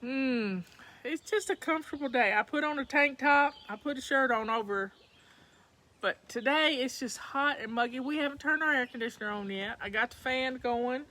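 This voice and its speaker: A woman's voice: high voice, moderate pace, bright, forceful tone. Folksy Southern woman chatting to viewers. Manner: folksy, chatty, says y'all to her audience. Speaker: livestream host. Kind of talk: casual chat to viewers. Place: at home.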